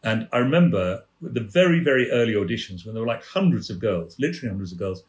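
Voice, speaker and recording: A man from England, a former theatre manager, telling lively backstage anecdotes as a podcast guest and acting out the voices in his stories. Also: fairly low pitch, fast. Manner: lively raconteur, acts out quoted voices. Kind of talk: anecdotal storytelling. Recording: roomy echo.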